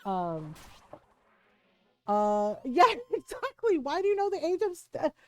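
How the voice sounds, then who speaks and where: Talking slowly in a high-pitched voice, a woman streamer hangs out with her live audience. She's animated, curses frequently and keeps breaking into laughter.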